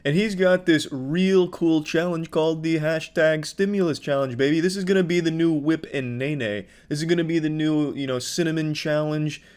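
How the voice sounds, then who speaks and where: A man's voice: fairly high pitch, normal speed, few pauses, a little mellow, smooth. A man giving sarcastic video commentary, mock-sincere and swearing often.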